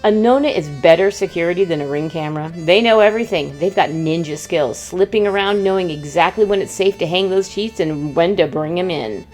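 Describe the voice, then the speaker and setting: A woman's voice: fairly low pitch, brisk, hardly any pauses, darkish tone, faint music behind. A woman from the United States hosting a humorous travel vlog in a playful, mock-dramatic storytelling manner. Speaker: vlog host.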